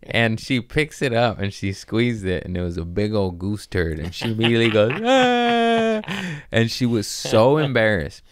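A man hosting a podcast, telling rambling, profane, animated comic stories in casual chat. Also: lowish voice, moderate pace, hardly any pauses, slight background noise. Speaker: podcast host. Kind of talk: casual comedic storytelling.

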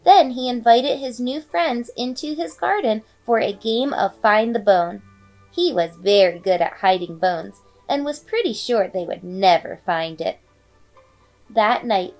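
A woman reading a children's bedtime story aloud with expressive, dramatic storybook delivery. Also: fairly high pitch. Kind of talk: bedtime read-aloud narration. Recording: faint background music.

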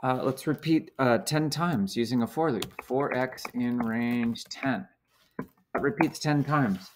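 Male teacher, slow halting screencast walkthrough, faint keyboard clicks under. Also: mid-range voice, a little hiss or hum. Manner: slow, halting, many fillers. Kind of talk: screencast coding lesson.

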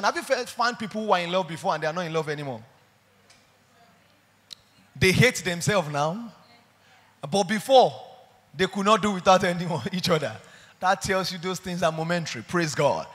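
A man preaching a sermon, animated and full of stories. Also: high voice. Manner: animated, storytelling with acted quotes. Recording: long hall reverb.

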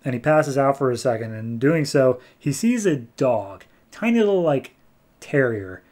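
A man's voice: medium pitch, animated, moderate pace, a little mellow. Chatty male comics podcast host. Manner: chatty, recaps plots and briefly acts out characters. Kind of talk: casual comic book review.

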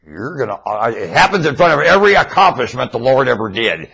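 A man rambling excitedly into his webcam microphone, jumping between thoughts. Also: medium pitch, a little fast, gravelly, husky, poor audio. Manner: rambling, excitable, often laughing.

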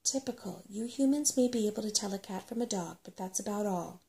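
A woman voicing a sharp-tongued female brownie in a whispered role-play, with a raised, impatient delivery. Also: medium pitch, a little fast, lightly acted. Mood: cross. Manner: snappish and impatient.

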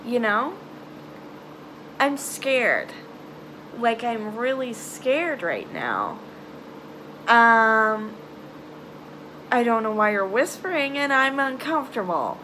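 A young woman telling a personal story to camera in a halting, emotional way, trailing off into sighs and nervous laughs. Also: on the high side, lively intonation, sharp tone, a little hiss or hum. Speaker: vlogger. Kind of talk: confessional storytime vlog.

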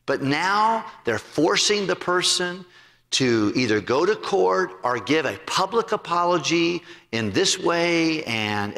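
A man's voice: on the high side, creaky. A man preaching a sermon as pastor, telling a parable and acting out its voices. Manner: animated storytelling, acts out the parable's voices. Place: church sanctuary. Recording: church sanctuary with long reverb.

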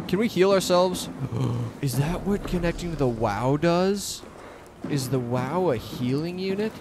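A man's voice: animated, measured pace, noisy background. Sarcastic man taunting a game monster. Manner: sarcastic, taunting, swears often; loudly mocks the monster in a high, shouting voice. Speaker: gaming commentator. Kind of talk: let's play commentary. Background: game music.

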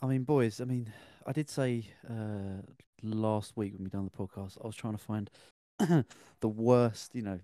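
A man's voice: lowish voice, fairly even intonation, unhurried, hardly any pauses, mellow, no echo, clean studio sound. A man, a podcast co-host who chats in a laid-back, joking way while introducing a story. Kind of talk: casual podcast chat.

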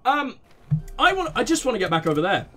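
Man, let's play host, excitable, swearing, self-mocking, wildly swinging pitch. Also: brisk. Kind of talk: video game commentary.

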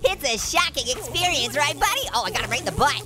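A woman's voice: high-pitched, very animated, quick pace, over loud music. A woman hosting a gaming video, giving playful commentary with lots of giggling and puns as she teases the character on screen. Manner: giggly, punning, teasing the game character. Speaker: gaming host. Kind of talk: playful let's-play commentary.

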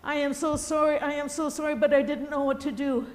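Scared little boy, high and pleading, played by a woman. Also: flat delivery, brisk, long reverb tail, natural voice. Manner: pleading, breathless.

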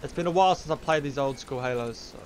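A man's voice: a little high, quick pace, slight background noise. A man giving casual live commentary while streaming a game, chatty and upbeat, buzzing from coffee. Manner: chatty, upbeat, addresses viewers as fellas. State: caffeinated and buzzing. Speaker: gaming streamer.

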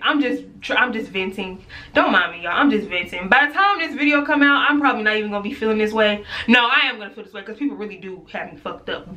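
A young woman with a bright, fairly high voice talks straight to her viewers in a loose, casual vlog. She vents with plenty of swearing and laughs in between, calling her audience "girl" and "y'all". She is pregnant and talks like she is chatting with close friends. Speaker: vlogger. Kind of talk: casual venting to camera.

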